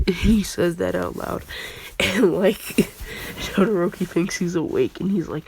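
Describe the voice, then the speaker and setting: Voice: mid-range voice, steady tone, slow pace, creaky, pauses often, slight background noise. A young adult with a congested voice, rambling through an improvised fan story in slangy casual talk. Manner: rambling, slangy, often breaking into laughter.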